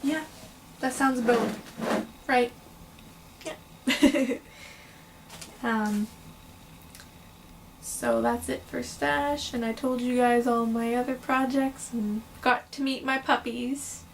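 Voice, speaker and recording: A woman's voice: a little high, steady tone, slow, creaky, pauses often, slight background noise. A young woman chatting casually at home about her yarn, gushing and rambling a little, tired and fighting hiccups. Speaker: crochet vlogger. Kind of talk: casual show-and-tell vlog.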